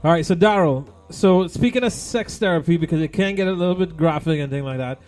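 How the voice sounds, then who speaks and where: A man with a fairly high voice co-hosts a comedic radio show, laughing often and prodding his partner with quick questions. Faint music plays behind him. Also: a little mellow. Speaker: radio co-host and DJ. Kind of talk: casual comedic radio chat.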